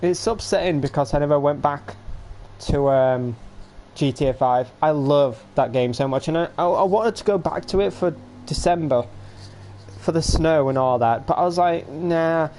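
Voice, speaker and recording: A young man in his late teens with a voice pitched a little higher than most men's. He chats loosely to his viewers during a home livestream, rambling from one thought to the next. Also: normal speed, a little mellow, slight background noise. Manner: rambling, chatty, talks straight to viewers. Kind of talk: casual rambling livestream chat.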